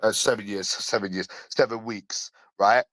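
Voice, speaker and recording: A man's voice: lowish voice, steady tone, normal speed, a bit bright, no echo, low-quality recording. Sweary ranting London man. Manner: repetitive, sweary, sarcastic. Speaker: vlogger. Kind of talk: ranting monologue.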